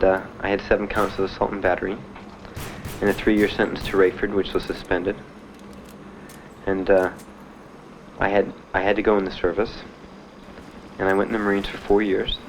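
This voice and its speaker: A young Miami man, an American veteran, offers candid testimony about himself in a blunt, matter-of-fact way, punctuated by dry laughs. His voice is lowish. The low-quality recording carries a little hiss or hum.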